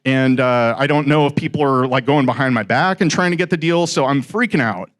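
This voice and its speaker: With a medium-pitched voice and a fairly quick pace, a middle-aged man animatedly tells a live audience the story of his first real estate deal, acting out the dialogue along the way.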